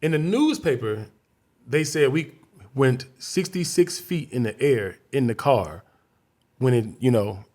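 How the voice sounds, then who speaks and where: A man's voice: medium pitch, animated, unhurried, a little mellow. Chicago man telling a dramatic story. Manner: vivid, dramatic storyteller who acts out voices and scenes. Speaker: guest comedian. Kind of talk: casual storytelling interview.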